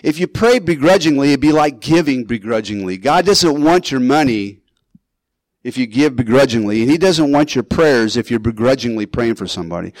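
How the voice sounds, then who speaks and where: Older male pastor, earnest, conversational sermon voice, mid-pitched, dry close sound. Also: expressive, normal speed, dry recording, rough recording. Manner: earnest, conversational preaching with asides. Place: church.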